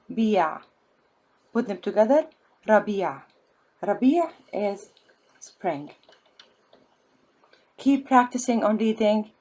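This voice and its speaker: Woman, teacher, very slow delivery, husky voice, patient step-by-step. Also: mid-range voice, darkish tone. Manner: patient, spells out letters and syllables one by one. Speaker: Arabic teacher. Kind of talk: slow step-by-step language lesson.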